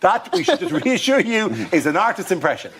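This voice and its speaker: A man's voice: sits high, sing-song, a little fast, vocal fry, heavy background noise. A man hosting a comedy panel show, giggling and mocking himself. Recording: studio audience laughing behind.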